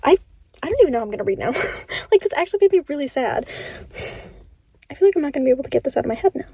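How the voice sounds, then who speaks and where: A young woman vlogging about books she is reading, chatty and animated, often slipping into a whisper. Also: high-pitched, very fast. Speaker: book vlogger. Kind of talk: casual reading vlog. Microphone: camera facing the speaker.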